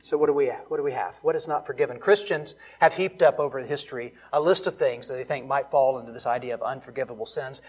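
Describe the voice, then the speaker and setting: A man preaching a sermon, building to loud, emphatic repeated lines and dropping to soft, hushed ones. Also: medium pitch, fast, few pauses, husky, poor audio. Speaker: pastor.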